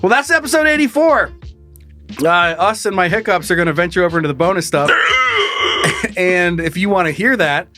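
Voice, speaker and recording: A man's voice: sits high, animated, a little fast, pauses often, pushed and bright, soft background music. A man co-hosting a podcast who has the hiccups, chatting loosely and joking with plenty of swearing. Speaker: podcast co-host. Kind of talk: casual chat and reading a listener letter.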